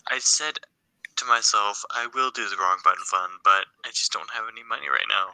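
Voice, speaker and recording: Very bright, chatty male caller. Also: fairly low pitch, dry recording, rough recording. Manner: chatty and joking, with filler pauses. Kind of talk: casual chat.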